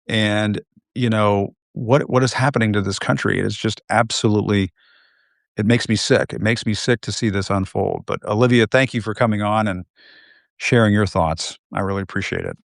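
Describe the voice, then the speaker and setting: A male host speaking with anger and emotion, halting and repeating himself as he comments live. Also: lowish voice, fairly even intonation, creaky, dry recording, studio quality.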